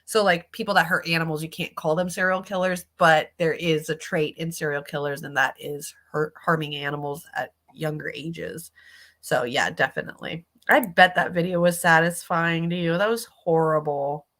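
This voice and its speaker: A woman's voice: deep voice, steady tone, normal speed, fairly bright tone. A woman streamer reacting casually to videos, chatty and sympathetic, swearing freely.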